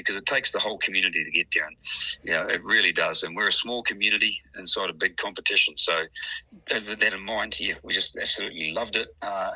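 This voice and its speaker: A man's voice: sits low, pushed and bright, husky, no room sound, rough recording. A middle-aged man with a New Zealand accent, a club president chatting on a radio interview, hesitant with many fillers. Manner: hesitant, lots of fillers, laughs easily.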